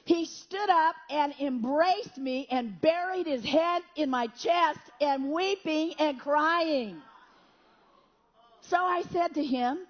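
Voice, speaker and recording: High-voiced woman preacher telling a story. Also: takes it slowly, highs cut off. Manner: animated storyteller with sound effects and prayer. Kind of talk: storytelling sermon testimony.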